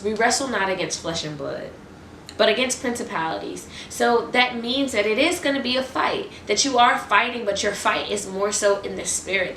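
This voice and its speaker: A woman giving an excited, restless motivational faith talk to her viewers, repeating her refrains. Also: medium pitch, a little hiss or hum. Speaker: Christian vlogger. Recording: roomy echo, distant mic.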